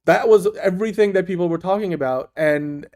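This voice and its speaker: A man's voice: high voice, brisk, darkish tone. A man co-hosting a casual online talk show, upbeat and laughing often, with frequent restarts. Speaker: co-host. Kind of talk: casual chat.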